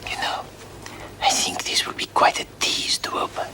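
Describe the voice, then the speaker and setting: An actor playing a fussy, precise detective, speaking formally. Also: male voice, moderate pace, in a whisper, natural voice. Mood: hushed whisper. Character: fussy, precise Belgian detective, middle-aged man. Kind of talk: television drama acting.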